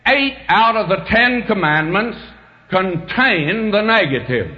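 A man preaching a sermon, slow and emphatic with dramatic swings in pitch. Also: very animated, dull audio.

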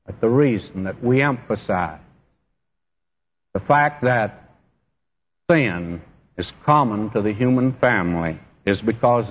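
This sermon comes from a pastor whose voice is low-ish and husky, unhurried, with frequent pauses. He speaks earnestly and directly to his listeners, addressing them as friend and beloved. The church hall recording is dull and echoey.

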